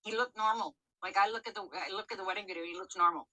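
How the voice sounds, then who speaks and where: Her voice is on the low side, pushed and bright, and she talks quickly. She's a middle-aged woman co-hosting a podcast, sharing her own story with blunt honesty, free swearing, and many fillers and restarts. The recording quality is low.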